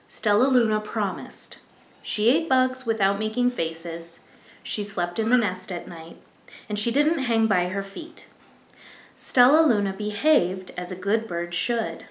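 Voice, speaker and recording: A library storyteller reads a picture book aloud in a gentle, expressive way, adding asides for young listeners. Her medium-pitched voice moves a little slowly and echoes in the room.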